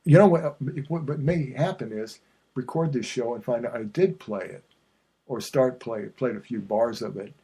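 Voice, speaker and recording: A man's voice: medium pitch, moderate pace, dark tone, slightly rough. A man hosting his own podcast, chatting in a digressive, self-mocking way with many fillers and restarts. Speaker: podcast host. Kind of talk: rambling solo podcast chat.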